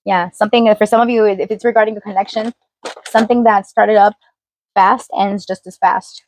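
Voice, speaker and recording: A woman's voice: mid-range voice, fairly even intonation, normal speed, a little mellow. A woman tarot reader talking casually straight to her viewers, chatty and loose, full of fillers as she reads the cards. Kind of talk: casual tarot reading to camera.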